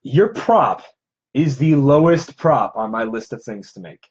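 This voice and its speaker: A man's voice: mid-range voice, very animated, measured pace, darkish tone, husky, dull audio. A man who makes props and cosplays, chatting casually and in a self-deprecating way. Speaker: cosplayer and prop maker. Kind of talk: casual chat.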